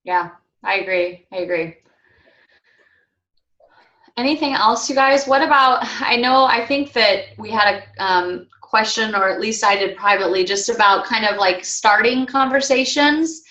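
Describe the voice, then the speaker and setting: Bright-voiced woman coaching, echoey room. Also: fairly high pitch, unhurried. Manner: chatty, with fillers and playful mock quotes. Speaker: coach leading a team call. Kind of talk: casual coaching talk.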